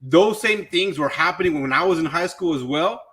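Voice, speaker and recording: A man's voice: on the high side, expressive, normal speed, a bit bright. A man who is a teacher, talking as a podcast guest in earnest, casual chat, repeating words and saying "dude".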